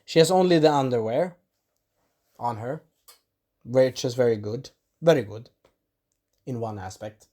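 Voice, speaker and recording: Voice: mid-range voice, measured pace, pauses often, mellow. An anime reviewer rambling through an episode recap in casual chat, swearing and acting out quotes.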